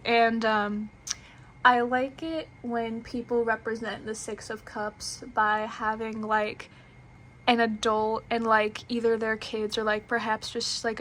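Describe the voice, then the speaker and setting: A woman's voice: a little high, fairly bright tone, a little hiss or hum. A young woman casually reviewing a tarot deck, chatty and giggly, with lots of fillers and restarts.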